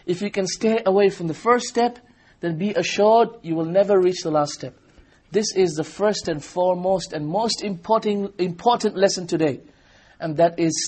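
A man giving an Islamic sermon, animated, acting out little dialogues in his story. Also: high-pitched. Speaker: Islamic preacher.

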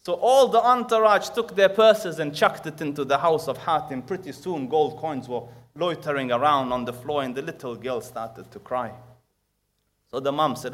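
A man preaching a sermon, telling a story with acted quotes and quick recited Arabic verses, moving between loud emphasis and hushed asides. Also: on the high side.

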